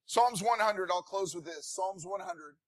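A pastor preaching a sermon in a folksy, conversational way, growing animated and breaking into shouts of praise. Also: male voice, high voice, a little slow, no room sound.

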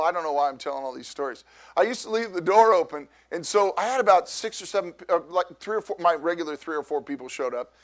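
A middle-aged man, a pastor, telling a personal story in a sermon, loud and animated, with lots of restarts. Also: sits high.

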